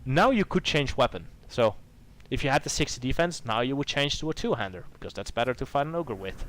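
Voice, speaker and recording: A man's voice: mid-range voice, animated, brisk, fairly bright tone, slight background noise. A man hosting a let's play, reading game text aloud and adding rambling asides. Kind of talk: narrating a video game playthrough.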